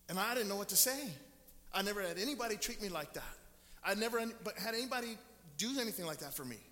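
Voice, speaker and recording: High bright-voiced man preaching in a reverberant church. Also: lively intonation, quick pace. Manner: storytelling, acts out quoted people. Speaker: pastor. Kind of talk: sermon. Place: church sanctuary.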